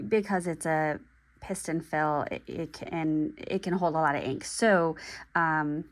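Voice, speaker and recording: Young woman, lowish voice, casual chatty vlogger talking as she writes. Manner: chatty and relaxed, with pauses while writing. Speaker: pen and planner video creator. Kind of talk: casual vlog talk while writing.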